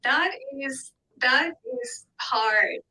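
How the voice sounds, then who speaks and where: High, bright-voiced woman with an accent. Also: extremely slow, a little hiss or hum, rough recording. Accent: foreign accent. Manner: animated, enthusiastic, repeats herself. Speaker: guest. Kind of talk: casual chat.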